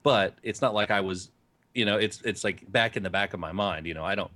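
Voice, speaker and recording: A man's voice: on the low side, a little fast, bright, forceful tone. A man co-hosting a podcast, chatting in an easygoing, rambling way with many fillers. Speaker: podcast co-host. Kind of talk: casual chat.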